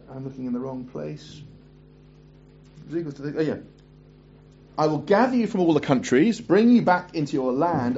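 A man with a slightly high voice gives a sermon on a muffled, lo-fi recording. He reads scripture passages aloud and drops into chatty asides and quick corrections between them. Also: warm tone, husky. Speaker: preacher.

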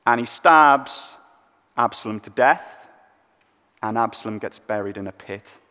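Expressive male preacher in a reverberant hall. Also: mid-range voice, unhurried. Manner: expressive storytelling, dropping soft on sad moments. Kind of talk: sermon.

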